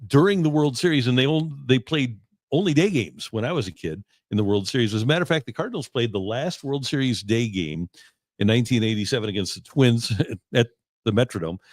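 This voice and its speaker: A man's voice: mid-range voice, lively intonation, no room sound. Older man host, dry studio sound. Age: 60s. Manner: reminiscing, halting with frequent fillers. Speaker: sports talk show host. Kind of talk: casual sports radio chat. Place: radio studio.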